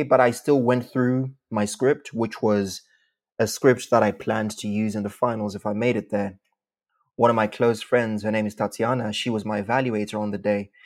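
A fairly low-pitched male voice belongs to a Zimbabwean speech contest champion being interviewed. He answers in a measured and articulate way, with formal phrasing.

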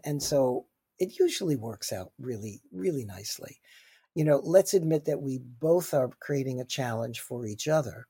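A man's voice: fairly high pitch, dark tone, slightly rough, no room sound, studio quality. A man from New York with a New York accent, giving earnest, explanatory answers as a guest expert in an interview. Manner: earnest, explanatory, self-deprecating. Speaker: guest expert on cross-cultural communication.

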